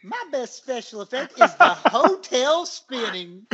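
A man's voice: very high-pitched, big pitch swings, unhurried, bright, forceful tone, muffled recording. An easygoing man co-hosting a podcast and chatting enthusiastically about a movie. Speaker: podcast co-host. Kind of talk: casual movie discussion.

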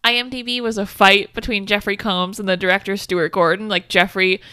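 A woman's voice: medium pitch, fairly even intonation, brisk, bright, forceful tone, clean tone, no room sound. A young woman co-hosting a podcast, recapping a film's plot in casual chat with a wry, laughing manner. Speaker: podcast co-host.

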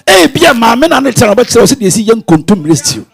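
A man with a Ghanaian accent preaching a sermon, swinging from quiet musing to sudden shouted bursts. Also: extremely high pitch, very animated, fast, vocal fry, slightly rough. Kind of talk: sermon mixing Twi and English.

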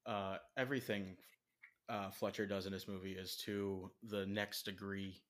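Low, flat-voiced man in casual talk. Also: normal speed. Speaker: guest, former drumline member. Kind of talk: casual conversation.

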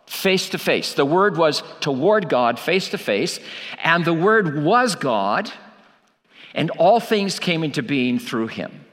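A man's voice: fairly high pitch, a bit bright. Man preaching in a big echoey hall, voice rises and falls a lot, repeats lines for emphasis. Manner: emphatic, asks rhetorical questions and repeats key lines. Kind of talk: sermon.

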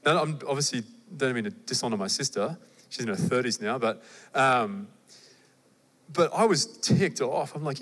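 Young Australian male preacher, chatty and lively, mid-range voice, recorded with hall reverb. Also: mid-range voice, moderate pace. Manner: conversational and animated, with asides to the audience. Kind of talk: sermon.

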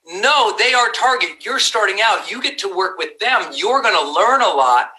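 A man's voice: sits high, big pitch swings, moderate pace, pushed and bright, poor audio. A man giving emphatic business advice to an audience on a panel. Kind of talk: motivational business talk.

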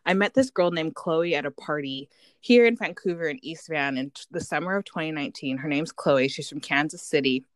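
A Canadian-raised woman in her thirties co-hosts a podcast, chatting casually and telling stories with lots of energy. Her voice sits low and moves briskly, with no echo. She acts out the voices of people she quotes and laughs often.

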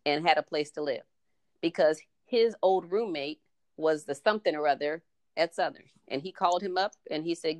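A woman's voice: low-pitched, moderate pace, darkish tone, no room sound. A middle-aged woman, a podcast guest, telling stories in a casual chat and acting out the lines of people she quotes. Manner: storytelling, acts out quoted dialogue.

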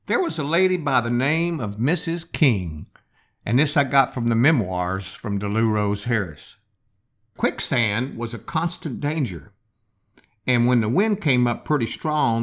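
Guy narrating history, slow and really animated, dramatic. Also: medium pitch. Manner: dramatic, expressive storyteller. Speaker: history podcast host. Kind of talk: storytelling narration.

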